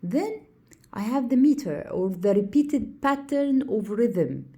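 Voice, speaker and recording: Slow, mellow Egyptian woman teaching poetry. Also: a little high, expressive. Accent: Egyptian Arabic. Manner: repetitive, asks and answers own questions, counts out stresses. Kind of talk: classroom lecture on poetry. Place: classroom.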